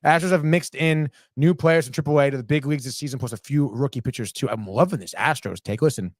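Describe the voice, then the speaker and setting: A young man hosts a live sports talk show, his medium-pitched voice moving at a quick pace in clean, echo-free studio sound. He rambles and gets heated, swearing freely and calling everyone "dude" constantly in this casual sports chat.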